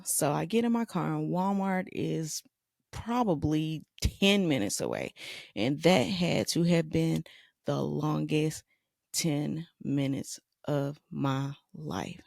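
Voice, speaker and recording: A woman with a gravelly, mellow voice tells a personal story slowly, her delivery halting and tearful, circling back over the same phrases. The sound is close and dry, with no room behind it. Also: deep voice, no echo. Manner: halting, repeats phrases, emotional. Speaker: podcast host.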